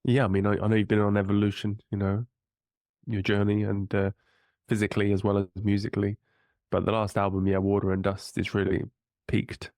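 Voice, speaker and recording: A man's voice: on the low side, completely flat delivery, brisk, darkish tone, no echo, studio quality. A man hosting a podcast, chatting in a friendly, hesitant way with fillers. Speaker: podcast host. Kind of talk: casual interview chat.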